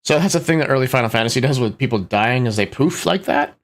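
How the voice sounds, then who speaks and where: A man's voice: medium pitch, animated, fast, soft background music. A man streaming a game, talking through it in a rambling, casual way. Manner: rambling, chuckling asides. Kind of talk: gameplay commentary.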